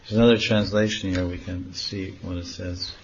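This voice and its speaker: A man giving a devotional talk, telling a sacred story and explaining scripture in an animated way. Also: sits low, normal speed, dull audio, noisy background. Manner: animated, acting out dialogue. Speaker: monk teaching scripture.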